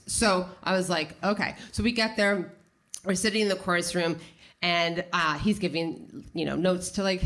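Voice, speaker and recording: A woman telling a funny personal story live on stage, animated and self-mocking, full of "like.". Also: fairly low pitch. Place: small theater stage with audience.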